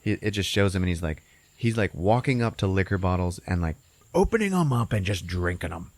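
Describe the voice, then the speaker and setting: A man's voice: deep voice, expressive, a little fast, no room sound. A man casually recapping a movie on a podcast, rambling with many fillers and heavy swearing. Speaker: podcast co-host.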